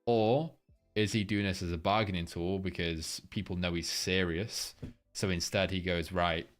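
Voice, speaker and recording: A man's voice: low-pitched, fairly even intonation, moderate pace, faint music behind. A young man hosting a casual live market breakdown, rambling loosely, swearing freely and filling gaps with ums while he reads chat. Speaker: trading livestream host.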